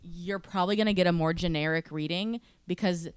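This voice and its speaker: A woman co-hosting a podcast, explaining things in a measured, careful way. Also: fairly low pitch, clean tone, no echo, studio quality. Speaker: podcast co-host. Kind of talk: casual chat.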